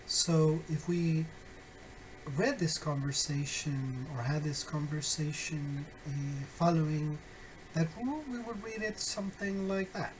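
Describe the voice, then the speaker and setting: Man, teacher explaining phonetics, slow delivery, filler-heavy, wry asides. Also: fairly high pitch, slight background noise, rough recording. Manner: deliberate, many fillers and self-corrections; wry, friendly asides to students. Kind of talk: recorded online lecture.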